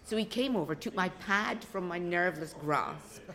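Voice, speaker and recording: A woman's voice: fairly low pitch, lively intonation, normal speed, pushed and bright. A woman reviewer telling a chatty anecdote in a podcast interview. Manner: chatty storyteller, quoting others.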